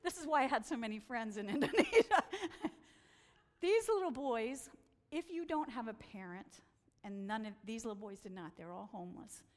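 A woman telling stories from a slideshow talk, animated and acting out the voices she quotes. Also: on the high side, normal speed, in a large hall. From United States. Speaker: speaker presenting photos.

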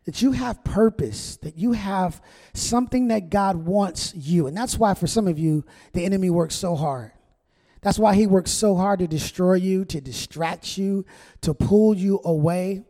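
A man's voice: high-pitched, unhurried, mellow. Male pastor preaching in a reverberant church. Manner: conversational preaching with call-and-response. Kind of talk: sermon. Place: church sanctuary. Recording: long church hall reverb.

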